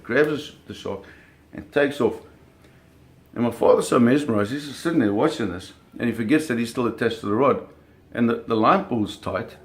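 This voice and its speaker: Telling a casual anecdote about his days hunting sharks, a man speaks in a creaky, mid-range voice. He acts out sounds to make it vivid, often correcting himself and repeating words along the way.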